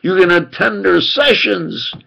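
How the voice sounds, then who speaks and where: A man's voice: high voice, expressive, measured pace, vocal fry, a bit bright. An older man with a New York accent, a preacher delivering a rambling, emphatic monologue to the camera. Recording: dull lo-fi recording.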